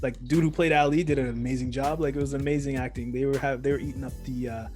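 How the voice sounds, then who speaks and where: A man co-hosting a podcast, chatting casually about movies, animated and laughing often as he acts out scenes. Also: mid-range voice, quick pace, over music. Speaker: podcast co-host. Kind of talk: casual movie review chat.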